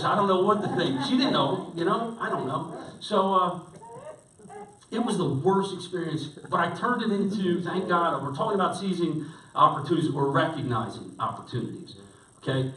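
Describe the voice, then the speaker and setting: A middle-aged man, a pastor, preaching a sermon by telling a rambling personal story in an animated way, with many restarts. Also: on the high side, fairly quick. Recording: roomy sound picked up from a distance.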